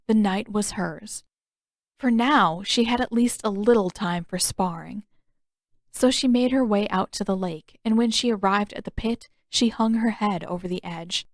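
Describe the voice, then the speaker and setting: A woman reads her own fanfiction aloud in steady, even storybook narration. Her voice sits at a middle pitch. The recording is dry and close, with no room sound. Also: dry recording. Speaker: fanfiction author and podfic reader.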